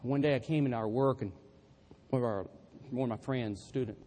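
A man's voice: mid-range voice, brisk, dark tone, slight background noise. A man preaching a sermon through humorous, self-deprecating storytelling.

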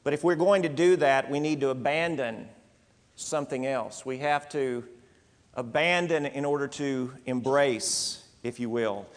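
A man preaching a sermon, earnest and emphatic, in short phrases with pauses. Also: medium pitch, in a large hall.

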